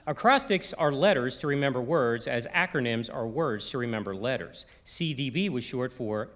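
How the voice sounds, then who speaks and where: This middle-aged Baltimore-accented presenter from Maryland delivers a funny timed stage talk at an arts center, doing impressions of others for a live crowd. He speaks at medium pitch with lively intonation, a moderate pace, hardly any pauses, and a slightly bright tone.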